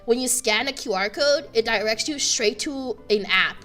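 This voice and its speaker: Giggly high-voiced young woman streamer. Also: normal speed, sharp tone, soft background music. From Canada. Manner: giggly, breaks into high laughs, chatty with fillers. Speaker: livestreamer. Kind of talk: casual stream chat. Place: indoor room with buzzing air conditioner.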